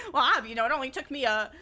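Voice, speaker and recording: A woman streamer chatting casually while she plays, excitable and quick to swear, often breaking into laughter. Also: high voice, slight background noise. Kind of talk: casual live-stream chat.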